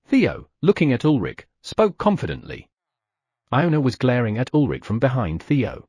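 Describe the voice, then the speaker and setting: Husky, expressive male audiobook narrator. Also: medium pitch, moderate pace, no echo, studio quality. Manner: expressive storytelling. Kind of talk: scripted narration.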